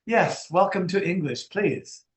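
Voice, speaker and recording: Playful guy teaching english, highish voice, echoey classroom. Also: animated, a little slow. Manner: playful, teasing.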